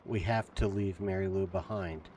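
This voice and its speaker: A desperate young schoolteacher pleads in a soft, breathless rush, as a man puts her on while reading a storybook. The voice sits fairly low beneath the urgency. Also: fairly even intonation, moderate pace, a little hiss or hum, close to an everyday voice. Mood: pleading.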